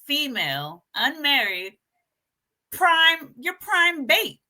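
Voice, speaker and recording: A woman's voice: high voice, very animated, slow pace, pushed and bright. A woman hosting a casual chat, speaking emphatically and giving short replies to the guest. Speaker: host.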